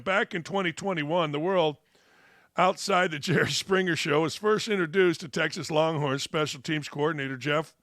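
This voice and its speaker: A middle-aged man hosting a sports talk show, delivering a mocking monologue with sudden loud shouted bursts. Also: a little high, no echo, studio quality.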